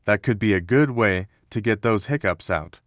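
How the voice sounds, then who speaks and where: A playful, prank-loving cartoon boy, voiced by a man, eager and upbeat in a slightly low voice. The sound is dry and close. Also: normal speed, dry recording, natural voice.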